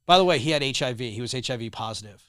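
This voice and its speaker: A man who is a guest on a podcast, telling a story casually in a rambling, animated way with many restarts. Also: mid-range voice, racing, smooth, no room sound, studio quality.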